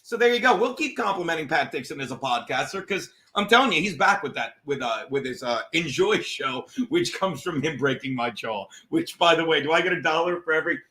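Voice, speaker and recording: A man hosting a comedy podcast, ranting casually in a profane, mocking, excitable way. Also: on the high side, brisk, hardly any pauses. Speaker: podcast host. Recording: roomy echo.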